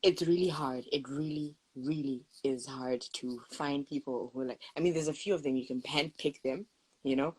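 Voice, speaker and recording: A woman from Zimbabwe talking in a relaxed, rambling way in casual conversation, often filling with "like". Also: rumbling low, moderate pace, husky. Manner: relaxed, rambling, frequent "like" fillers.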